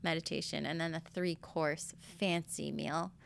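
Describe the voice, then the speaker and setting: A woman's voice: low-pitched, fairly even intonation, normal speed, gravelly, a little hiss or hum. A woman with a Boston accent, a yoga and breathwork teacher talking as a guest in a casual interview. She speaks candidly, rambles a little and swears freely.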